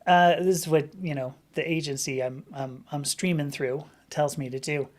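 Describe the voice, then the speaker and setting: Chatty woman with a lower voice. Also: normal speed. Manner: chatty, animated storytelling with many restarts. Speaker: livestream host answering questions. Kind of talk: casual livestream talk.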